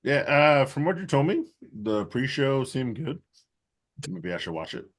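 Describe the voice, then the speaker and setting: A man's voice: mid-range voice, very animated, a little slow. A man co-hosting a casual wrestling podcast, talking in a blunt, crude, offhand way. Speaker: podcast co-host.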